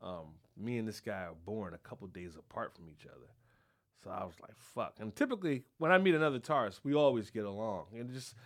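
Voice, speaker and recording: A man's voice: on the low side, a little fast. A man hosting a podcast, telling a profane story in a casual way and acting out the people in it. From Philadelphia. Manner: profane, animated, acts out the people in his story. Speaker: podcast host.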